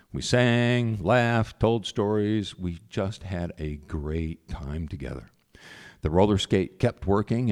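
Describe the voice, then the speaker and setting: A man with a low voice recounting a personal story. His intonation rises and falls a lot, and he talks in a relaxed, conversational way. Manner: conversational, animated.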